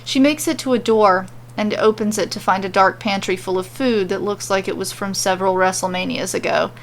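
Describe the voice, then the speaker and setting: A woman podcaster reading fan fiction aloud in a steady, lightly wry narration. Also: mid-range voice, a little fast. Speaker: podcast storyteller.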